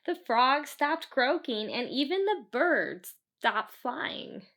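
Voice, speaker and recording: A woman's voice: high-pitched, sing-song, slow, a bit bright. A woman reading a children's book aloud, stopping for chatty asides to explain the story to kids. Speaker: storybook reader.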